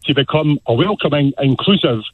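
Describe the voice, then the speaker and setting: A Scottish man calling in to a radio phone-in, his voice coming through a thin, tinny phone line. He sounds husky and makes his case with passion, pressing and repeating his points. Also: a little high, lively intonation, brisk, no room sound. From Scotland. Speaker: caller.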